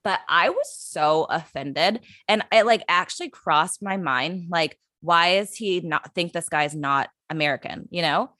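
Young woman co-host, lowish voice, dry close sound, blunt and profane, animated storyteller. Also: a little slow, few pauses, no room sound. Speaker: podcast co-host. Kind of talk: casual chat.

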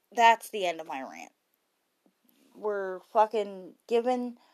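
A tired woman in a late-night, rambling monologue, heavy on swearing and punchy emphasis. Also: medium pitch. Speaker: vlogger.

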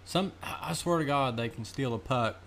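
A man co-hosting a podcast in relaxed, profane casual chat, chuckling along. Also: mid-range voice, brisk, a little hiss or hum. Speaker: podcast co-host.

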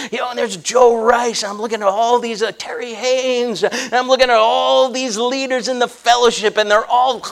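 A man preaching a humorous sermon, telling a story with jokes and frequent laughter. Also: high-pitched. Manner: animated, joking, laughs often.

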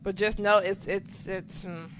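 A podcast co-host in a casual recap chat, who talks excitably, swears a lot and acts out their own reactions. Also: mid-range voice, measured pace, a crowd in the background.

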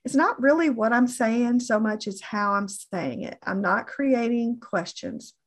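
A middle-aged woman coaching on phone sales in an earnest, deliberate way, often repeating herself for emphasis. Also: a little high. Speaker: insurance sales trainer.

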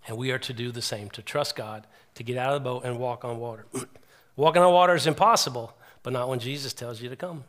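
A man's voice: medium pitch, brisk. Earnest middle-aged male preacher. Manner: earnest, animated retelling with many restarts. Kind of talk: sermon.

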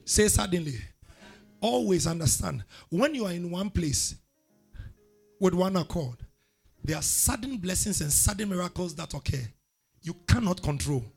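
A male pastor preaches a call-and-response sermon, pushing into loud exhortations. His voice sits high for a man, gravelly and a bit husky. Faint instrumental music plays softly behind him. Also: animated, moderate pace, long pauses.

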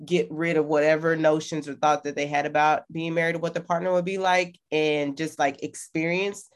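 A woman's voice: low voice, little pitch movement, brisk. A woman co-hosting a podcast, giving frank, emphatic opinions in casual chat. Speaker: podcast co-host.

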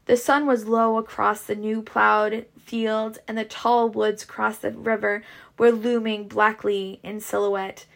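A woman reading a novel aloud at a steady pace, now and then stumbling over a word. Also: mid-range voice, a little slow, creaky. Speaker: reader.

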